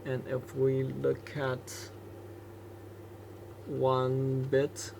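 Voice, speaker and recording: A man's voice: medium pitch, monotone, extremely slow, gravelly, a little mellow, a little hiss or hum. A man explaining microcontroller code step by step, thinking aloud with hesitant restarts. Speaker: embedded developer explaining code. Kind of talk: screen-recorded coding walkthrough.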